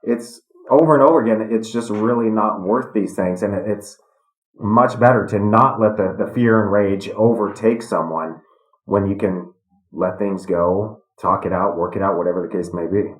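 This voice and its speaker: A middle-aged man telling stories in a podcast interview, calm and reflective. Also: lowish voice, moderate pace. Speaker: guest, retired fighter. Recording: echoey room.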